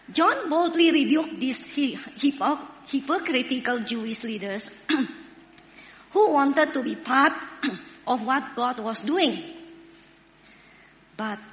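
A woman preaching a sermon, speaking slowly and deliberately and putting questions to her listeners. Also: sits high, animated, fairly bright tone, long reverb tail. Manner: slow, deliberate, asks the audience questions.

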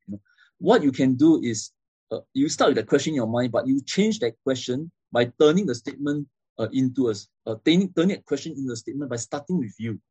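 Guy teaching a class, warm low-key tone, raspy edge, keeps saying okay right. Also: animated, a little fast, dry recording, lo-fi sound. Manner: explanatory, frequent "okay?" and "right?" check-ins. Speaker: lecturer. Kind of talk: classroom lecture.

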